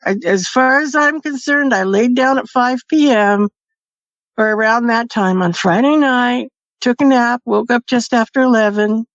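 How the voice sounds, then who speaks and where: A woman recounts a personal experience in a chatty, easygoing way, laughing between phrases. Her voice sits a little high, and the recording sounds dull and completely dry. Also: measured pace, no echo. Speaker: podcast guest. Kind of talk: casual storytelling.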